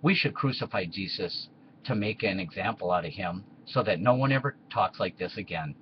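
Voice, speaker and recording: A man's voice: low voice, expressive, moderate pace, muffled recording, slight background noise. A man voicing Pontius Pilate as a blunt, vain Roman in a comedy skit. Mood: smug.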